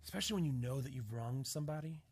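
A man's voice: mid-range voice, rapid-fire, darkish tone, breathy edge. A man preaching a sermon, telling stories and often checking in with "right?". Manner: storytelling, often asks "right?". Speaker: pastor.

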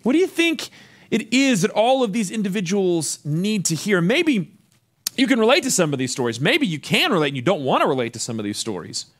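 High-voiced, animated male pastor preaching. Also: brisk. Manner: animated, repeats words when restarting. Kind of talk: sermon.

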